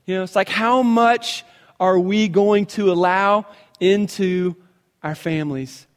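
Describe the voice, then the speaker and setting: A man's voice: high voice, slow pace, clear, resonant tone, big-room sound. A man, a pastor, giving an earnest sermon, telling everyday stories and acting out the voices in them. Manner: earnest storytelling, acts out quoted voices. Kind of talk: sermon to a men's gathering.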